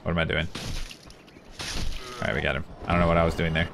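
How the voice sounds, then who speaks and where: Deep-voiced man streaming a game. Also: little pitch movement, fast, creaky, a bit bright, a little hiss or hum. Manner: frustrated, talks to himself and chat while playing. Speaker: gaming streamer. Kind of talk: live gameplay commentary. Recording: music playing behind.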